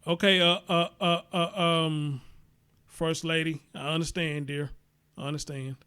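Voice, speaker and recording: A man's voice: on the high side, steady tone, a little slow, sharp tone, clean tone. A man with a Southern American accent hosts a casual livestream, reading an article aloud and breaking off to talk to his chat. He speaks in a slightly raised register and swears bluntly and freely. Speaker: host.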